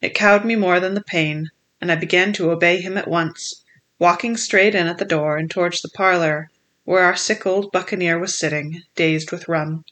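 A steady, measured audiobook narrator reading a classic adventure novel. The delivery is even and unhurried, in plain storytelling. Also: mid-range voice.

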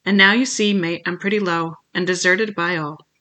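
A reader voicing a sick old male sea captain who craves rum, talking in a weak voice with rough sailor's dialect, by turns pleading and blustering. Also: medium pitch, fairly even intonation, normal speed, sharp tone, natural voice. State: weak, feeble voice. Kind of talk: audiobook character reading.

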